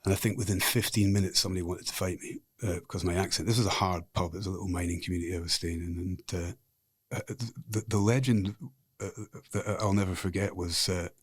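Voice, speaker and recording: Deep husky Scottish man. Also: fairly even intonation, fairly quick, no room sound. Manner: frank, rambling anecdotal storyteller. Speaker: podcast guest. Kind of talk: casual storytelling interview.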